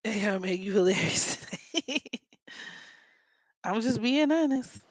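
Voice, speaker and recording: A Maryland woman with a Baltimore accent hosts a casual astrology podcast, blunt, profane and joking, slipping into playful mock voices. Her slightly high, animated voice draws out words, and the poor-quality audio has no echo.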